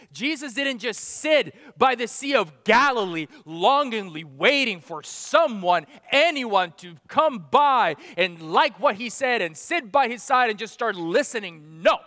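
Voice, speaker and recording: Pastor, male, high and bright, emphatic sermon delivery, close dry mic with long hall tail. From outside America. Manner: emphatic, rising and falling, rhetorical questions.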